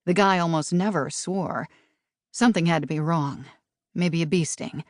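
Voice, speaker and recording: A woman narrating a novel for an audiobook in a steady, measured way, recorded close on a studio mic. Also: on the low side, no echo.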